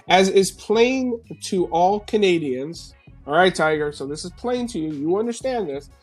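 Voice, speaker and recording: A man from New York hosts a casual live stream from home, reading news headlines. He tears into them with sarcastic, swearing commentary and keeps breaking into laughter. Faint music plays quietly behind him. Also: high voice.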